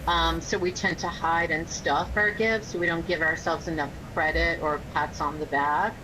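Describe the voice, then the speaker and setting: A woman guest on a podcast, an energy healer speaking in a measured way and listing terms one after another. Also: steady tone. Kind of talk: casual podcast interview. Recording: loud low rumble noise.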